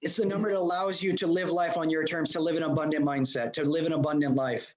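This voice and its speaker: A man from Los Angeles giving an energetic motivational seminar talk as a leadership coach, speaking directly to his audience. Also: on the high side, fast, a loud crowd. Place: remote presentation to a live room. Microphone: video call.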